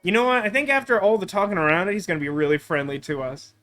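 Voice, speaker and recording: Bright-voiced chatty gameplay commentator man. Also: high-pitched, animated, fast, faint music behind. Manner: chatty, rambling, many fillers. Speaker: let's play host.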